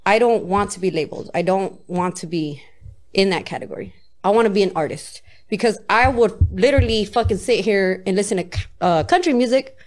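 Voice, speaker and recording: A woman's voice: medium pitch, brisk. A woman rapper in a casual interview, talking loosely and candidly, often checking "you get me?", swearing and laughing easily. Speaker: rapper guest.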